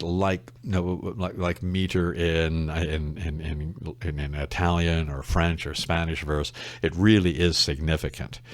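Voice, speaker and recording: A deep male voice with no echo belongs to an English literature professor being interviewed on a casual podcast. He's a thoughtful, wry explainer who tends to wander off into side stories.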